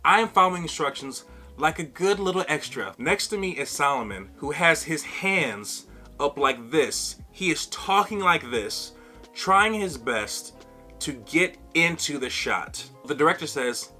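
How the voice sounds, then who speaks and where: A man vlogging to camera, telling a funny personal story in a casual, animated way and acting out what others said. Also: a little high, normal speed, faint music behind. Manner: animated, acts out other people's lines.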